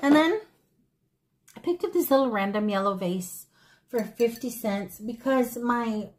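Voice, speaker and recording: A woman's voice: a little high, a little slow, slight background noise. A woman vlogging a thrift haul, telling stories to her viewers in an effusive, rambling way full of tangents. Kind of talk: casual chatty haul vlog.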